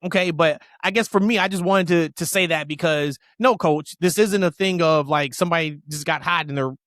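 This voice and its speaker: Man, podcast co-host, opinionated, emphatic, fairly high voice, dry close sound. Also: fairly bright tone, no echo. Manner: opinionated, emphatic, rapid tangents. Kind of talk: casual wrestling podcast chat.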